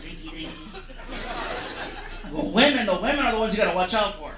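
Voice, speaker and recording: A man doing stand-up storytelling on a large stage, animated and acting out voices. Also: high-pitched, rapid-fire. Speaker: stand-up comedian. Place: large comedy stage with audience. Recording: echoey venue with audience noise.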